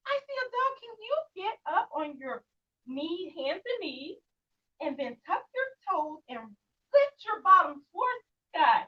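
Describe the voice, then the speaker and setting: A young woman leading a children's yoga class, playful and encouraging, with sing-song prompts. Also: sits high. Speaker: kids yoga teacher. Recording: muffled sound, distant from the mic.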